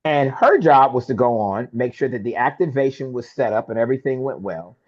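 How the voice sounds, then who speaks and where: A man telling a personal story as an interview guest, lively and casual, acting out the lines of the people in it. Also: mid-range voice, brisk, muffled recording. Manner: lively storyteller who acts out quoted dialogue. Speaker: interview guest, film producer. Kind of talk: animated storytelling in a podcast interview.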